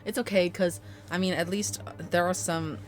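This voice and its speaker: Low voiced woman streamer, swears a lot, jokes on herself, music going. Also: normal speed. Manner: self-deprecating, swears casually, animated. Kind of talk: casual chat while playing a game.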